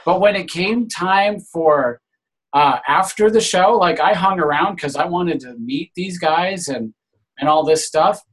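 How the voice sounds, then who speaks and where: A man's voice: a little high, a little slow, fairly bright tone, rough recording. A man casually telling a story on a group call, earnest and a little aggrieved.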